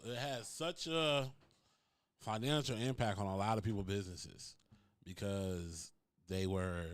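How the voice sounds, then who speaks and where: A man's voice: on the low side, no echo, studio quality. A man, co-hosting a casual podcast chat with blunt, short, wry remarks. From Chicago, USA. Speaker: podcast co-host.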